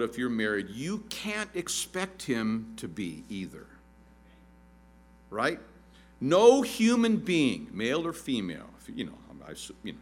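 Animated, bright-voiced pastor preaching. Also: male voice. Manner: animated, jokey, acts out quotes in a shrill voice. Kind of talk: sermon.

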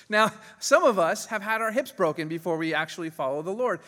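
Male pastor, higher-pitched, animated sermon delivery, recorded in a reverberant church hall. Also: normal speed. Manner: animated, laughs often, voices quoted figures.

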